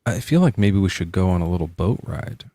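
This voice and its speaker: A man's voice: deep voice, lively intonation, fairly quick, dark tone, no room sound. A man hosting a casual call-in show, spinning a playful, rambling story. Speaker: host.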